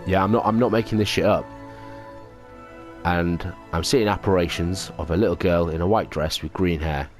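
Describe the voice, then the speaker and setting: Sweary deep-voiced male gamer. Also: fairly even intonation, normal speed. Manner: sweary, sarcastic, jokey asides. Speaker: let's play gamer. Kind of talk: casual gameplay commentary. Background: game music.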